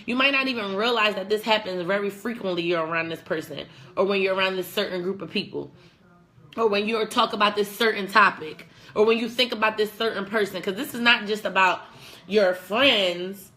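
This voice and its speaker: A woman's voice: mid-range voice, brisk. A young woman hosting a casual advice vlog, talking bluntly with plenty of swearing. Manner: blunt, profane, animated. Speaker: vlog host.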